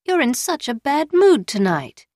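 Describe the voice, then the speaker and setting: A woman doing a high, wheedling young geisha. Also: very animated, a little slow, a little mellow, no room sound, clean studio sound. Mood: pleading. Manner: coaxing, wheedling. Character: scheming young geisha woman, coy and pleading.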